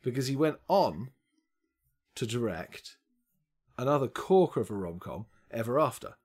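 A man co-hosting a casual podcast about films, talking enthusiastically with excited exclamations. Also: mid-range voice, normal speed, breathy edge. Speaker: podcast co-host. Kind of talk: casual film chat.

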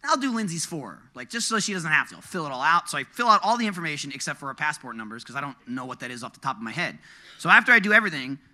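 A man casually telling a profane travel story on a podcast, animated and acting out his own panic. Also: a little high, very fast. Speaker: podcast co-host. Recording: podcast studio mic.

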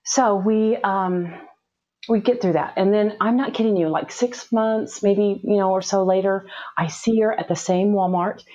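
A woman's voice: mid-range voice, a little slow, dark tone. Middle-aged woman, emphatic storyteller, muffled lo-fi recording. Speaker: interview guest. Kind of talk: personal storytelling. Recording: dull lo-fi audio.

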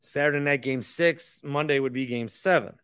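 A young man hosts a sports podcast, his medium-pitched voice smooth, fairly bright, and at a moderate pace. In casual talk he rants heatedly and repeats himself.

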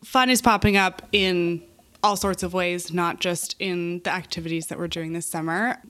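Smooth low-voiced female host. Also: steady tone, moderate pace, a bit bright, no room sound. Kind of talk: interview hosting.

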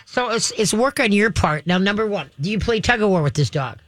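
A woman's voice: mid-range voice, expressive, fairly quick, dry recording. A woman hosting a call-in radio show, talking in a folksy, chatty way full of fillers. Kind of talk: call-in advice chat.

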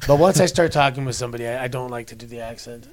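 A man's voice: mid-range voice, rapid-fire, crowd noise. A man in his forties from Canada, a former wrestler, telling stories in a casual interview at a convention and restarting his sentences often. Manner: chatty storyteller with many restarts. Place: wrestling convention in New York.

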